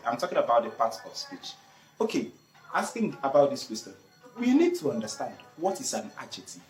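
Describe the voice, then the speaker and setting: Grammar teacher talking online, asks then answers own questions, roomy echo, soft music behind. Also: mid-range voice. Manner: repeats key words, poses and answers own questions. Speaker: English teacher.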